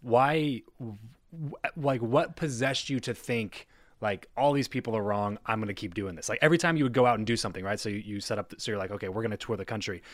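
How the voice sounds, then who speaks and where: A man's voice: fairly low pitch, fast, no echo. A man hosting a podcast who asks casual questions and laughs along with his guest. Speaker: podcast host. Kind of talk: interview questions.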